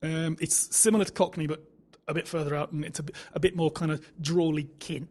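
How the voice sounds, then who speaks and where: A man from South East London speaks with a neutral English accent. His talk is quick and rambling, with frequent restarts, in a casual podcast chat. His voice sits a touch high and sounds husky. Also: fairly even intonation, a little mellow. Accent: neutral English with faint South East London. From South East London, England. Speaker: podcast guest, photographer. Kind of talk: casual conversation.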